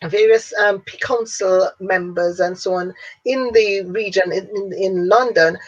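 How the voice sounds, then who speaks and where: A woman in her fifties from Jamaica, with a Jamaican accent, telling her story as an interview guest in an animated way and laughing often. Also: mid-range voice, measured pace. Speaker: guest, speaker and businesswoman. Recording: dull lo-fi audio.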